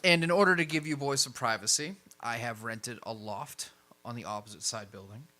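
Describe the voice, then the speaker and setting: A man voicing a cold, formal male vampire elder who speaks in a stiff, measured way, a little lower and quieter than his own voice. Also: a little hiss or hum, lightly acted.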